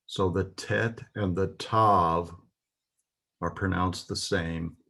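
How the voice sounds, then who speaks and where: Slow, low-voiced husky man teaching. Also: steady tone, bright, forceful tone. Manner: spells out words carefully, pausing with "uh". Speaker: Hebrew teacher. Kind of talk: slow, deliberate lesson.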